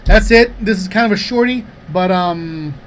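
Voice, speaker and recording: A man's voice: sits high, normal speed. Thirties guy on a comedy podcast, rambly swearing stories, bit of hiss in the back. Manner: rambling, profane, animated anecdotes. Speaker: podcast co-host. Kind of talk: casual comedic storytelling.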